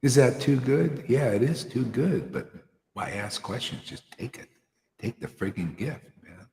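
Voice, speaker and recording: A man's voice: mid-range voice, very animated, measured pace, creaky, dark tone. A man giving an informal devotional talk to a small group, earnest and slangy, peppering his words with "you know" and "man". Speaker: spiritual teacher. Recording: roomy hall echo.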